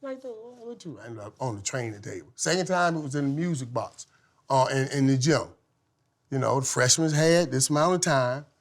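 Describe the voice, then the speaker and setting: A middle-aged man, a former football player, telling lively stories as a podcast guest, laughing often and swinging from loud to hushed. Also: medium pitch, normal speed. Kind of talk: animated storytelling in casual chat.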